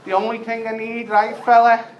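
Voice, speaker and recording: A man's voice: extremely high pitch, monotone, fairly quick, dull audio, a little hiss or hum, pitched above the performer's own voice. A man voicing a wheedling male beggar with a Liverpool accent, pleading in a cheeky sing-song.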